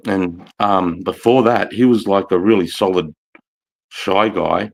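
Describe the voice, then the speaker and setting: A man's voice: low-pitched, slow, vocal fry, low-quality recording. A man, telling a rambling story in casual livestream chat, swearing often and saying mate and bro.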